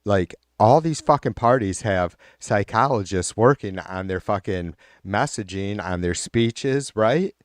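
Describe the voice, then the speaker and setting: A man's voice: fairly low pitch, animated, a little slow, few pauses, dry recording, clean studio sound. A man hosting a live stream, reading viewer comments and ranting bluntly about politics with a lot of swearing. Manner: blunt, heated, swears often. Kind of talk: casual profane political rant.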